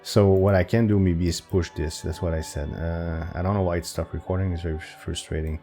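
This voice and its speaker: A man's voice: fairly even intonation, a little fast, warm tone, soft background music. Man thinking aloud over chess puzzles. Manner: hesitant, self-talking with restarts and pitch jumps. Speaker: chess video creator.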